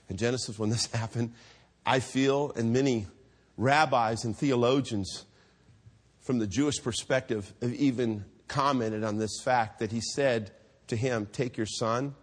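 A man preaching a storytelling sermon, animated, acting out the voices in his stories and laughing often. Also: medium pitch.

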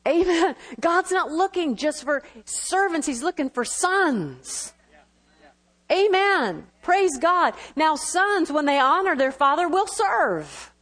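A woman preaching a sermon, lively, with quick bursts and laughing asides. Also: very high-pitched.

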